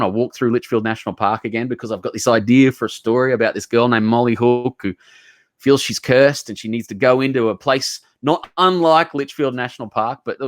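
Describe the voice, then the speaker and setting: A man's voice: mid-range voice, dry recording, clean studio sound. An Australian man from Queensland, an author telling stories in a casual conversation, earnest and heartfelt, rambling with many restarts and an occasional mild swear. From Southeast Queensland, Australia. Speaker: author guest.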